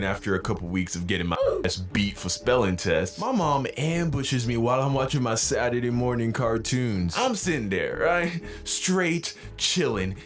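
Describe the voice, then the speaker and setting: Animated man telling a comedic story. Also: on the low side. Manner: lively and exaggerated, slips into a wailing, crying voice.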